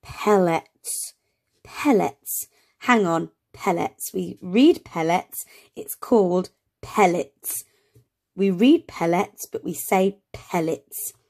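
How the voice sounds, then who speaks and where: Slow, encouraging woman reading to children. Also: fairly low pitch, gravelly, darkish tone. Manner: slow, encouraging, sounds out words letter by letter. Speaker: early reading teacher. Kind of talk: reading a phonics picture book aloud to children.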